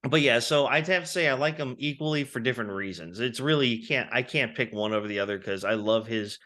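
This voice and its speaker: Bright-voiced man hosting a casual chat. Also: mid-range voice, fast talker. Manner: easygoing, laughs often. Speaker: podcast co-host.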